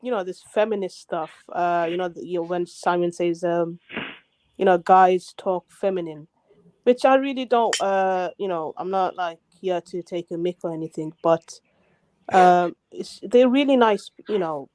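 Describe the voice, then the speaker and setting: A man in a heated online debate, talking hesitantly with many fillers and a loud voice. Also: high-pitched, moderate pace, poor audio. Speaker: debate participant.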